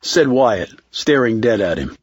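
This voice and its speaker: Steady male thriller narrator. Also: medium pitch, slightly rough, no echo. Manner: measured, steady reading. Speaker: audiobook narrator.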